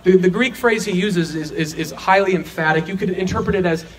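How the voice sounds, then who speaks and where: A man's voice: sits high, brisk. A man teaching a verse-by-verse sermon, earnest and emphatic, asking rhetorical questions and answering them himself. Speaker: Bible teacher.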